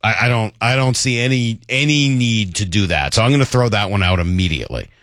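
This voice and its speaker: A man's voice: lowish voice, expressive, brisk, fairly bright tone, no room sound, studio quality. A man hosting a sports talk radio show, talking in a conversational, self-deprecating way with frequent restarts.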